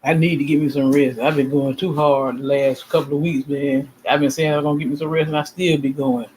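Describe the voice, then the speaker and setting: A man's voice: on the high side, level tone, a little fast, a little mellow, a little hiss or hum, rough recording. A man hosting a casual livestream, talking in a rambling, emphatic and self-assured way, often repeating himself. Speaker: channel host.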